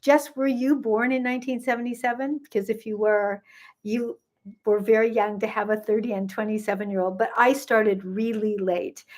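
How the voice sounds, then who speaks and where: A woman's voice: a little high, little pitch movement, moderate pace, darkish tone. A woman in her sixties, nearly seventy, working as a gut health coach. She chats casually with livestream viewers on her phone, greeting them by name and drifting into rambling asides. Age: 60s, nearly seventy.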